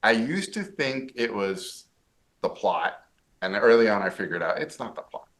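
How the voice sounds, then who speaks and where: A man from Mexico, a guest on a podcast interview, telling stories in an animated way and acting out the voices he quotes. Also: fairly low pitch, moderate pace. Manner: animated storyteller who acts out quoted voices.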